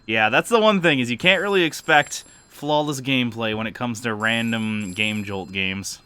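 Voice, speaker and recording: A man's voice: lowish voice, moderate pace, bright, forceful tone, clean tone. A man casually commenting while playing games on a stream, joking and self-deprecating. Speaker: game streamer. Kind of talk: casual let's-play commentary.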